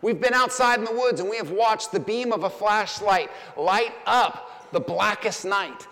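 A man's voice: high voice, normal speed, sharp tone, long reverb tail. Man preaching a rhythmic, emphatic sermon. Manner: storytelling with emphatic, rhythmic build-ups. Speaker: pastor.

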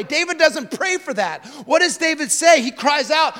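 A man preaching a sermon in a lively, casual way, with slang and sudden swings from loud to hushed. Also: very high-pitched, moderate pace, few pauses. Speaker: pastor. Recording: long reverb of a large hall.

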